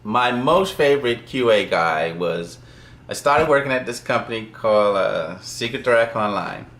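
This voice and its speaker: A man who works as a software developer tells a work story in a loose, rambling way, with many fillers and small chuckles. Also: on the low side, roomy sound. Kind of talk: casual storytelling.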